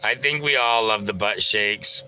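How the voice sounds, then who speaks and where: A man's voice: lowish voice, unhurried, sharp tone, a little hiss or hum, rough recording. A man hosting a casual livestream, rambling and joking as he greets viewers by name and answers their chat. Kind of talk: casual live-stream chat.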